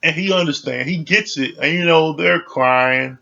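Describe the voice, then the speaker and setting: A man's voice: fairly high pitch, normal speed, creaky, bright, forceful tone, lo-fi sound. A man giving a casual, conversational recap of a reality show, full of "you know" and "like".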